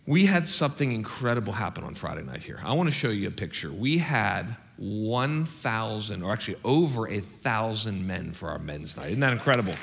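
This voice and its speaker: A middle-aged male pastor preaching and giving church announcements, animated, swinging from loud rallying calls to quiet asides. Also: lowish voice, moderate pace, creaky, hardly any pauses. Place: large church auditorium. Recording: hall reverb in a large auditorium.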